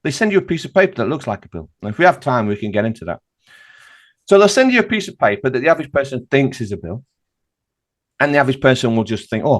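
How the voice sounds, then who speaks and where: A man talking as a podcast guest in an emphatic, insistent way, firing off rhetorical questions. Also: medium pitch. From United Kingdom. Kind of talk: animated podcast conversation.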